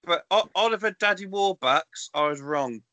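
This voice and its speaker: A male co-host chats along and throws out guesses. His voice sits a little high and sounds bright and edgy. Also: expressive, moderate pace, no echo. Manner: chatty, guessing answers. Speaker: radio co-host. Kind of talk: radio chat.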